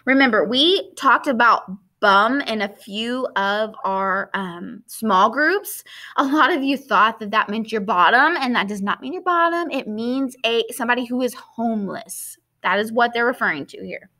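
Bright-voiced Southern woman teacher. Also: fairly high pitch, lively intonation, normal speed. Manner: asks the class questions, explains patiently. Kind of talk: reading aloud and explaining to a class.

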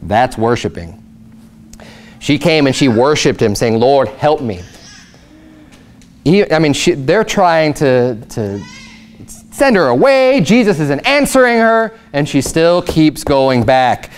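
This is a young man preaching from the pulpit in a Southern American accent, his voice sitting a little high for a man. He is impassioned and pushes up into loud, emphatic peaks as he drives his points home. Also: big pitch swings, a little slow. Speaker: pastor. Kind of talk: sermon.

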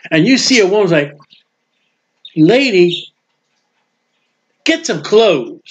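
A man preaching a sermon with emphasis, swinging between loud proclaiming and quiet asides. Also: high voice, very animated, takes it slowly, dull audio.

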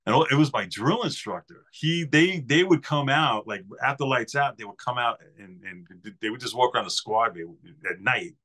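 A man's voice: mid-range voice, lively intonation, moderate pace, hardly any pauses, sharp tone. A man in his fifties from New York, a podcast guest telling easygoing, rambling stories about his years as a Marine. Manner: rambling anecdotal storyteller, easygoing. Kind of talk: casual interview storytelling.

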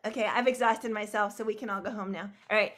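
A woman's voice: mid-range voice, fairly even intonation, a little fast, a bit bright. A woman hosting an online video call, greeting viewers one by one by name in a bubbly, rambling way, laughing often. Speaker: host.

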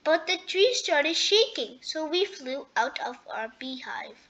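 A woman's voice: high-pitched, lively intonation, measured pace, fairly bright tone. A woman voicing a swarm of busy, anxious bees in a storybook, humming and buzzing.

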